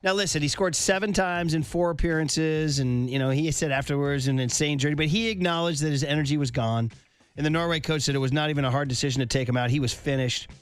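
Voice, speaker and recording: A man hosting a sports talk radio show, animated and joking in a slangy, casual way. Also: on the high side, fast, smooth.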